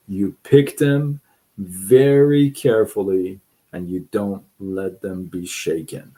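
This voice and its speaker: A man's voice: deep voice, takes it slowly, mellow. A middle-aged man hosting a live stream, telling a personal story in a rambling, repetitive way and acting out what others said. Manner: rambling, repeats himself, quotes people in voices. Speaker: livestream host. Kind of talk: casual storytelling chat.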